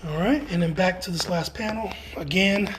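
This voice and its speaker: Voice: mid-range voice, normal speed, noisy background. An enthusiastic, chatty guide leading a casual walking tour through an indoor art gallery exhibit, with playful exclamations.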